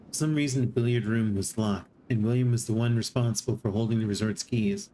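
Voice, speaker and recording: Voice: medium pitch, fairly even intonation, fairly quick, few pauses, mellow, slight background noise. Streamer reading a game story aloud. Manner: reads narration evenly and breaks in with surprised laughing asides. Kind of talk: reading a text adventure aloud with live reactions.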